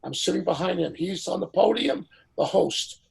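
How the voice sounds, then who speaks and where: An older man, a veteran singer, telling a lively anecdote as a podcast guest and acting out the people in it. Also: high-pitched, normal speed, vocal fry, husky, poor audio. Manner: lively storyteller who acts out the people in his stories. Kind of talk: animated anecdote in a podcast interview.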